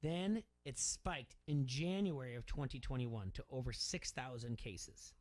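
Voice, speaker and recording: A man's voice: medium pitch, measured pace, a little mellow. A man hosting a sports radio talk show, rambling and emphatic as he goes through numbers and repeats his words.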